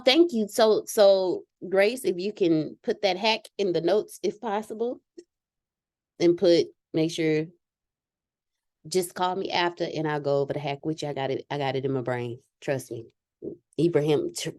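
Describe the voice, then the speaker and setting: A woman hosts a relaxed group video call, laughing often and speaking with candid energy. Her voice sits a touch low but swings widely in pitch. The sound is dry and close. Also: no room sound.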